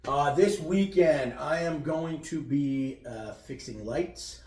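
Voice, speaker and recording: A man's voice: a little high, slow pace, a little mellow. A man co-hosting a podcast in casual banter, crude and rambling, often restarting sentences. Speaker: podcast co-host. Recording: roomy sound, distant mic.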